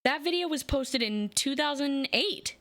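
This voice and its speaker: A woman with a somewhat high voice hosting a relaxed stream, brisk and organizing as she chats with friends. The sound is close and dry. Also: no echo. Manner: brisk, organizing the watch-along. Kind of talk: casual chat on a group call.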